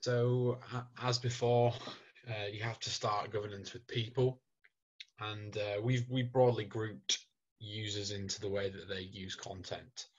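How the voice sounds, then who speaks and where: Flat-voiced man on a dull call line. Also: fairly low pitch, measured pace. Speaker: data scientist and webinar panelist. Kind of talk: presenting a webinar. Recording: dull lo-fi video call audio.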